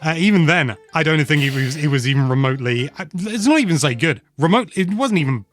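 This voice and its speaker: A man's voice: a little high, lively intonation, fast, soft background music. A man hosting a casual chat, rambling and self-mocking, with lots of hesitations and restarts. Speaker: host.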